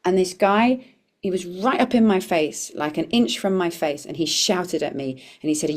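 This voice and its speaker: A woman's voice: lowish voice, normal speed. Earnest woman comedian telling a story. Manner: earnest, reflective, with frequent restarts. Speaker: comedian and performer, podcast guest. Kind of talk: conversational storytelling.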